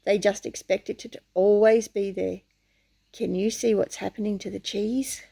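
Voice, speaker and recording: A woman reading a picture book aloud to children in an animated way, often pausing to ask the listener questions. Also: mid-range voice, vocal fry. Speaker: storyteller.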